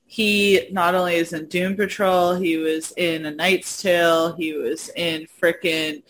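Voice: medium pitch, flat delivery, a little slow, a bit bright. A speaker in casual chat, enthusiastic, swearing casually and laughing often. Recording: faint background noise.

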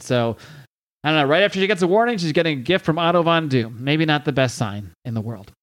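A man's voice: on the high side, animated, quick pace. A man hosting a podcast, casually recapping a comic story and reading out its dialogue in loose voices, with frequent swearing. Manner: chatty, swears, acts out quotes loosely.

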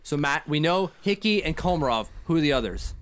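A man's voice: fairly high pitch, fairly quick. A man whose first language is French, co-hosting a casual podcast chat and acting out quoted voices. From French-speaking. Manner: animated, acts out quoted voices. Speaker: co-host.

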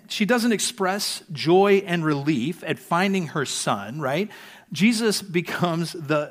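A man preaching a sermon earnestly, his voice softening at the ends of sentences. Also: high voice. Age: adult parent. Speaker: pastor.

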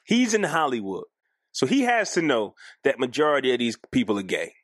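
A man co-hosting a casual podcast, animated and argumentative, often jumping up in pitch for emphasis. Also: brisk, no echo, studio quality. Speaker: podcast co-host.

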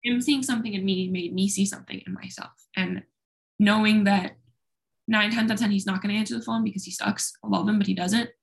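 A woman's voice: mid-range voice, steady tone, brisk, gravelly. A young woman speaking openly and at length as an interview guest, talkative and self-deprecating. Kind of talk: candid personal conversation.

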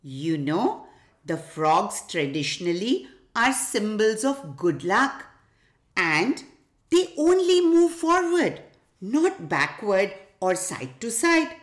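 A woman's voice: mid-range voice, very animated, slow pace. A woman voicing a kind mother who patiently explains family traditions in a storybook reading. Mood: patient explaining. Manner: gentle, instructive.

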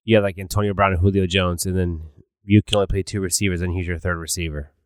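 A man's voice: deep voice, fairly even intonation, fast talker, smooth, no echo. A man co-hosting a podcast in casual chat, laid-back and terse. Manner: laid-back and terse, answers in short lines. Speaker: podcast co-host.

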